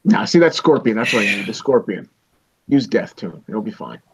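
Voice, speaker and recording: A man's voice: fairly low pitch, very animated, brisk, slightly rough. A man co-hosting a casual gaming chat show, earnestly explaining tactics and his reasons for doing the show. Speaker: podcast co-host. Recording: dull, slightly lo-fi dry sound.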